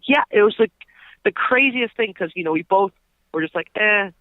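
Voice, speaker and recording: A man's voice: sits high, expressive, a little fast, no echo. A young man tells a meandering story over a casual podcast chat, stumbling through fillers and restarts. His voice comes through thin and phone-like, with a dry, close sound. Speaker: podcast co-host.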